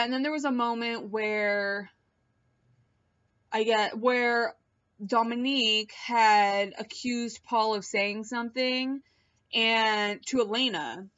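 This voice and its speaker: A vlogger films herself at home on a laptop mic, chatting casually and rambling to her viewers while swearing and laughing often. Her voice is fairly high and fairly bright, and she speaks slowly. The laptop audio is dull and lo-fi.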